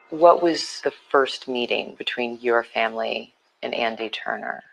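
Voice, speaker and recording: A woman interviewing for a documentary, asking measured, probing questions and reading letters aloud. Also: extremely low pitch, vocal fry, music in the background, poor audio.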